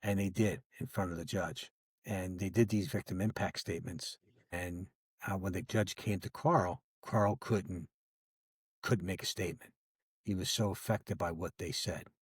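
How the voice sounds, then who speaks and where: A man's voice: deep voice, steady tone, normal speed, breathy edge, no room sound, clean studio sound. An older man, a retired federal agent, telling a long story in casual podcast talk and acting out both sides of old conversations. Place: podcast recording setup.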